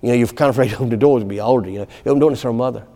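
A man's voice: medium pitch, rapid-fire. A man preaching a sermon in a folksy storytelling way, breaking into laughter and calling out "amen". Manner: storytelling, animated, laughing asides, frequent "amen". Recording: long hall reverb.

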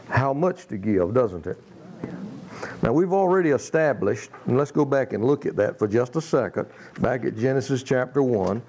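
A man preaching a sermon, reading scripture slowly and then explaining it in plain, emphatic spoken style. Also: medium pitch, darkish tone.

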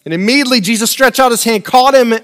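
A man preaching a sermon, swinging between loud, urgent lines and quiet, close asides, and repeating phrases for emphasis. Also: very high voice, fast talker.

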